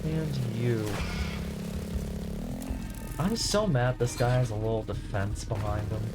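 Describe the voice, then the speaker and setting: Low-voiced woman streaming a game. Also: lively intonation, takes it slowly, loud music behind the voice. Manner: swearing, frustrated outbursts, sarcastic asides. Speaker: gaming streamer. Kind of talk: casual gameplay commentary.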